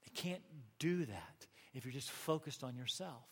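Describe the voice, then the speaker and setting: A man preaching a sermon as pastor, earnest, rising to emphatic peaks and dropping to soft asides. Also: medium pitch, expressive, moderate pace, husky. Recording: long hall reverb.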